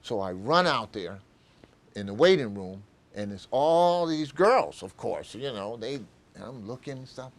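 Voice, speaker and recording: A man's voice: medium pitch, lively intonation, measured pace. An older man from New York telling long stories in an interview, rambling with many fillers and acting out old conversations. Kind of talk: anecdotal interview storytelling.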